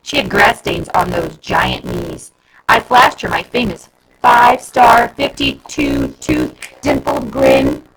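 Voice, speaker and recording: Casting: a woman reading a kids' novel aloud, gravelly, very lively pitch. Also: a little hiss or hum, poor audio. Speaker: reader.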